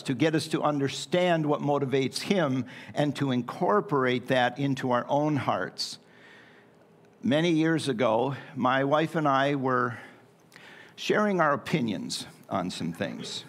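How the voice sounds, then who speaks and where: A middle-aged man preaching a sermon in a church in a folksy, joking way with playful asides. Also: mid-range voice. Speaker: pastor. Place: church sanctuary.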